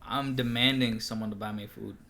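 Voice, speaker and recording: A young adult man co-hosting a podcast, joking and teasing his friends and quick to laugh. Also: on the low side, fairly even intonation, a crowd in the background. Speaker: podcast co-host. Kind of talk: casual chat.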